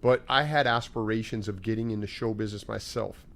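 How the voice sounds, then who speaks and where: A man's voice: fairly low pitch, steady tone, fairly quick, gravelly, a bit bright. Earnest middle-aged man, guest coach. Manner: earnest, emphatic about mindset. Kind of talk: casual interview chat.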